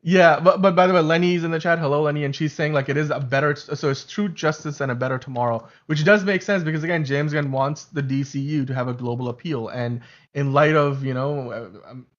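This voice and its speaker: A man hosting a casual fan podcast, talking in a rambling, animated way with lots of fillers and restarts. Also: fairly high pitch, a little fast, highs cut off. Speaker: show host.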